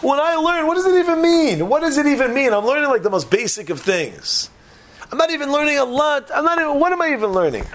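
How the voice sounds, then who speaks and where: A man voicing a gravely ill, humble man who pleads as his voice climbs in distress. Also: very high-pitched, big pitch swings, fast talker, fairly bright tone, pitched above the performer's own voice, full character voice. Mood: anguished.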